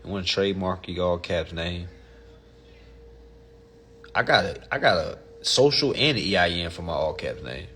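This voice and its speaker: A man's voice: low-pitched, animated, moderate pace, pauses often, sharp tone, slightly rough. A man hosting a casual livestream and answering viewer questions, blunt and profane, and often calling his listeners family.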